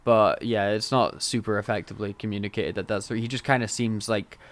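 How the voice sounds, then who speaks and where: A man's voice: on the low side, steady tone, fairly quick. A man co-hosting a podcast in casual chat, recapping scenes with wry asides. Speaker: podcast co-host.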